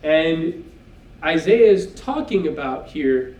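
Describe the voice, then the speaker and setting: A man's voice: a little high, animated, slow, a little mellow. A man teaching a Bible class in church, talking it through in a conversational way and checking in with "okay?" asides. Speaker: preacher. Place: church hall. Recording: echoey room, mic at a distance.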